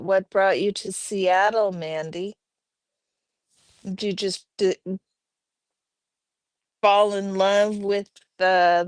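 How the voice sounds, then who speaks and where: A mid-range, slightly mellow woman's voice with a clean tone and no echo. She hosts a casual home livestream, chatting as she reads viewer comments and addresses her chat and pets by name.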